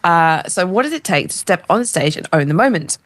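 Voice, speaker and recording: A woman's voice: on the low side, expressive, brisk, a bit bright, dry recording. A woman co-hosting a band podcast, reading a loose intro with plenty of fillers. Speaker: podcast co-host. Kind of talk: casual podcast chat.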